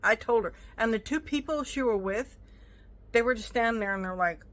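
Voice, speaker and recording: A woman vlogger telling a casual storytime rant, indignant and animated, acting out both sides of an argument and drifting off on side comments. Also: fairly high pitch, a little fast. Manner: indignant, animated retelling with acted-out quotes; rambling, stops mid-story to chat.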